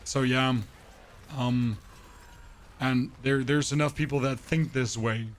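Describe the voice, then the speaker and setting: Speaking slowly in a steady, mid-range voice, a gaming streamer talks with viewers via a voice changer during casual livestream chat. He rants, voices strong opinions, and often fumbles his words, with slight background noise present.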